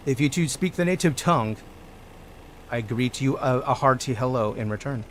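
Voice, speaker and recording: A man's voice: mid-range voice, moderate pace, slight background noise. A man streaming a video game, chatting casually with his viewers, joking, humming to himself and reading out chat messages. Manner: chatty and joking, greets chat, hums and yells when excited. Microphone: desk microphone.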